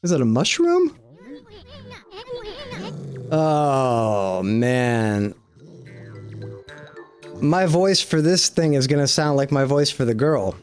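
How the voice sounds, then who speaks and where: A middle-aged man chats through a game stream with wry, self-mocking asides. His own voice sits low and relaxed. Faint game music plays behind him. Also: takes it slowly, long pauses. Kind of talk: casual let's-play commentary.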